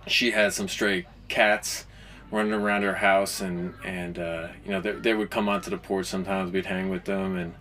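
A young man telling a personal confession in a halting, casual way, with many fillers and restarts. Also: sits low, level tone, pushed and bright. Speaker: caller confessing a story.

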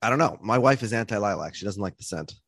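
A man co-hosting a podcast, tossing in quick, wry asides in casual chat. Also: fairly low pitch, expressive, gravelly, a bit bright, husky, dry recording, studio quality. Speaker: podcast co-host.

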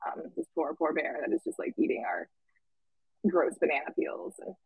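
A young woman tells a camp story in an easygoing, chatty way, leaning on fillers and acting out what people said. Her voice has a slight gravelly fry. The sound is dry and close, with no room echo. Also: sits low, normal speed. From Washington State. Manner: chatty, lots of "like" fillers, lively quoting. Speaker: camp staff guest. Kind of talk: casual storytelling.

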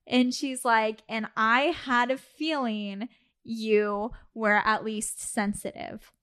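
A woman's voice: fairly high pitch, slow pace, clean tone. A woman co-hosting a podcast, telling a personal story in casual chat and acting out the quoted dialogue. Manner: animated, acts out quoted dialogue, laughs often. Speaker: podcast co-host.

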